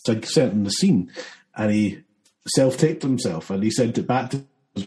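A man, a filmmaker talking through his film in a relaxed interview, rambling with many fillers and restarts. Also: on the low side, brisk, rough recording. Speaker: filmmaker guest. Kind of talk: casual interview chat.

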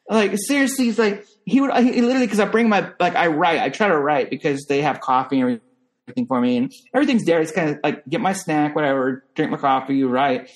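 A young man from Northern California, with an American accent, tells stories in a casual chat and slips into high-pitched voices for other people.

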